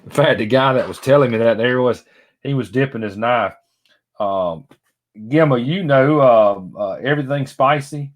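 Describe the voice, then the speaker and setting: This middle-aged vlogger speaks in a mid-range voice at an ordinary speed. While unboxing toys, he chats loosely and greets viewers by name.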